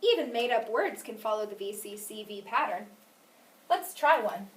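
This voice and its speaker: A woman's voice: medium pitch, lively intonation, normal speed, a little hiss or hum. A woman teaching a phonics lesson, asking questions and praising answers patiently. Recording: echoey room, mic at a distance.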